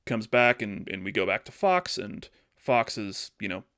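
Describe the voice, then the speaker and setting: A man's voice: fairly low pitch, sing-song, a bit bright, clean tone, dry recording, clean studio sound. A man co-hosting a podcast, telling a story in a loose, rambling way on a podcast mic. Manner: loose and rambling, slipping into quick character voices. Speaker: podcast co-host. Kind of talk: casual improvised storytelling.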